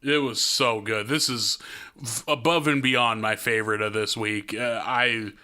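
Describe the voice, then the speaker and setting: A man in his thirties co-hosting a casual podcast chat, excitable, swearing and laughing a lot. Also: medium pitch, a little slow. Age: 30s. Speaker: podcast co-host.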